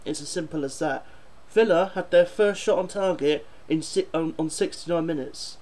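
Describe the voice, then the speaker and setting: A man's voice: on the high side, moderate pace, hardly any pauses, a little mellow, poor audio. A man doing a football fan video, ranting and swearing in exasperation about his team.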